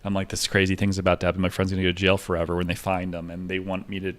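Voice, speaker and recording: Talking very fast in a low, monotone voice, a young man from the United States wanders from one topic to the next, telling stories in a rambling, digressive monologue.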